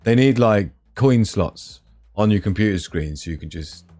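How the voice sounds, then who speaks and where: A man's voice: fairly low pitch, lively intonation, moderate pace, darkish tone. A man hosting a casual live stream, joking with viewers, teasing them with pet names and laughing often. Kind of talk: casual live chat reading viewer comments.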